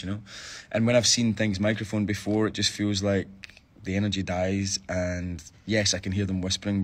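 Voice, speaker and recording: Deep-voiced Scottish man chatting casually. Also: fairly bright tone. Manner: chatty, thinks aloud with restarts. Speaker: stage actor answering fan questions. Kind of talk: casual live-stream chat. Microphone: phone live-stream.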